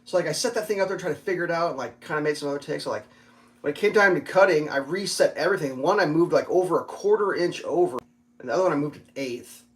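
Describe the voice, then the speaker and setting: A man's voice: a little high, fast. A man ranting casually in a vlog about installing parts on his vehicle, frustrated and swearing often, with lots of filler words. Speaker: vlogger working on his off-road vehicle.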